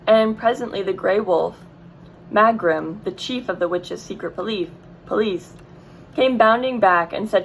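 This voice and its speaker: A woman's voice: mid-range voice, unhurried, slight background noise, rough recording. A woman reading a children's book aloud, with casual asides and self-corrections. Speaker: reader.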